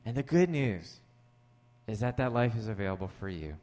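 A pastor with a lowish voice preaches at a normal speed, his words trailing off into a long reverb tail. His sermon mixes scripture and storytelling with jokey asides to the congregation, and he grows animated when joking, all in a conversational style.

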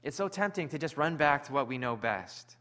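A man's voice: on the high side, lively intonation, brisk, a bit bright. A man preaching a sermon in an earnest, conversational way.

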